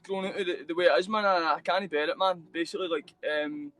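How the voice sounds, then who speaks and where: A man's voice: fairly high pitch, steady tone, fast, a bit bright. A young Glaswegian man in casual chat on a video call, rambling and filling every phrase with mate and bro. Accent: Glaswegian Scottish. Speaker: guest. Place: shared hostel dorm room.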